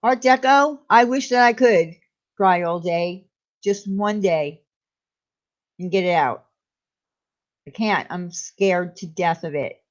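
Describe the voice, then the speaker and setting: A woman's voice: on the low side, slow, long pauses, highs cut off. A woman hosting a casual live chat with viewers, speaking candidly and confidingly and greeting them by name. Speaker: live stream host.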